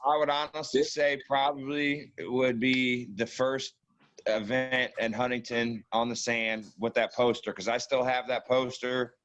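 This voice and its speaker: A man's voice: mid-range voice, flat delivery, a little slow, a bit bright. A man reminiscing in a casual podcast chat, repeating words as he talks.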